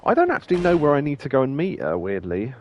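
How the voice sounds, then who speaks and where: A man streaming a game and chatting casually, rambling with many pauses and reading game lines aloud in playful voices. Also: medium pitch, big pitch swings, muffled recording, a little hiss or hum. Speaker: let's play streamer. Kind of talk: casual gameplay commentary.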